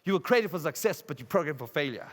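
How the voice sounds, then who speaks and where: A man's voice: a little high, expressive, quick pace. A man from Africa, giving an emphatic motivational speech full of repeated rhetorical questions at a conference. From South Africa. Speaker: keynote speaker. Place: large casino conference hall. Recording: reverberant hall.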